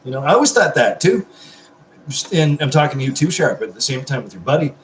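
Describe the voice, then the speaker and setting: His mid-range voice leaps around in pitch as he talks fast, and the rough, reverberant recording carries slight background noise. It's casual live-stream chat: he drinks beer, answers comments, and rambles effusively with constant cursing.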